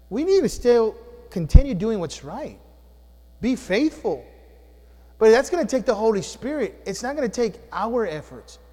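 A man preaching a sermon as a pastor, with animated delivery that swings between loud and hushed. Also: sits high, big-room sound. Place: church sanctuary.

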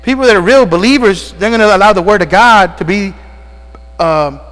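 High-voiced pastor guy preaching, kinda out of breath, lots of amens and questions, long church echo plus some hum. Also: moderate pace, fairly bright tone. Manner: call-and-response preaching with frequent amens and questions. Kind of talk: sermon. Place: church sanctuary.

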